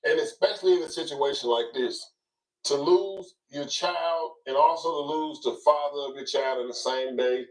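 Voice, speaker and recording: A man commenting on news clips in a measured, reflective way. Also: fairly high pitch. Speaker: online commentator. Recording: roomy, distant mic.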